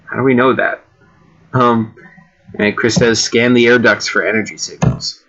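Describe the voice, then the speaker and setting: A man's voice: mid-range voice, moderate pace, a bit bright, lo-fi sound. A man casually reading generated stories aloud, often breaking off with fillers and chatty asides. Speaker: reader and creator of homemade games.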